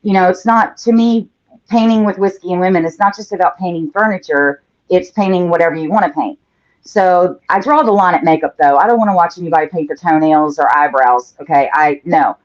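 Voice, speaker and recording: A woman's voice: on the low side, fairly quick. Chatty woman hosting a painting livestream. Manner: chatty, reads out viewer comments as she works. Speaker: host of a live painting show. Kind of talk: casual livestream chat while painting. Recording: dull lo-fi livestream audio.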